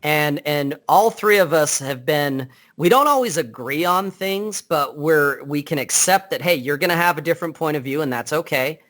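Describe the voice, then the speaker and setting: A man chats as a guest on a podcast, heard over a Skype call. He is blunt and unfiltered, and he rambles and restarts his sentences. His voice sits somewhat high for a man. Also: moderate pace, hardly any pauses, a bit bright. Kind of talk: casual interview chat.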